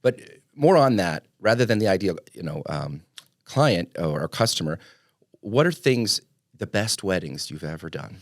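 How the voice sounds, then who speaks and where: A man with a fairly low voice hosts a podcast in an easygoing, chatty way. He is recorded close on a dry mic. The sound has no room echo. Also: very animated, moderate pace. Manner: easygoing, chatty, laughs often. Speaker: podcast host. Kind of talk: casual podcast interview.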